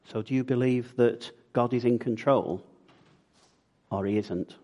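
A man's voice: mid-range voice, unhurried, dark tone. A man preaching a sermon in a conversational way, often putting questions to the congregation.

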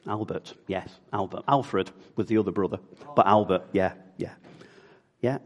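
Male preacher, lower voice, conversational sermon with questions to the room. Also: moderate pace. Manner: conversational, asks the congregation questions.

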